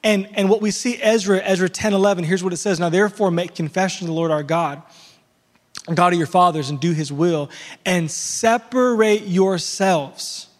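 High-voiced male pastor preaching in a hall. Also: moderate pace. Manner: conversational preaching with repeated restarts and acted asides. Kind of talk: sermon.

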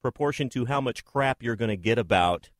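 A man's voice: medium pitch, lively intonation, a little fast, dry recording, studio quality. A man hosting a casual radio interview in a broadcast booth, joking and slipping into impressions. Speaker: radio host.

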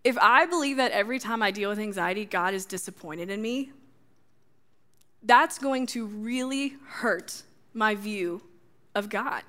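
Bright-voiced young woman preaching. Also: medium pitch, measured pace. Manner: conversational, sarcastic humor. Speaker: speaker at a church gathering. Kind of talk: sermon. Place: stage before a live audience.

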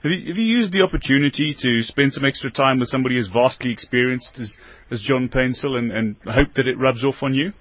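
A man's voice: mid-range voice, fast. A man hosting a radio sports show, asking long questions with small repeats. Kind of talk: radio sports interview and news. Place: radio studio. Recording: dull, dry radio studio sound.

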